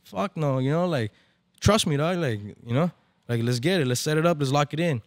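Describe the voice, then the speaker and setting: A man's voice: fairly high pitch, a little fast, dry recording, studio quality. A man, a barber event organizer, telling a story in casual, profane slang and slipping into Spanish now and then. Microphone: podcast microphone.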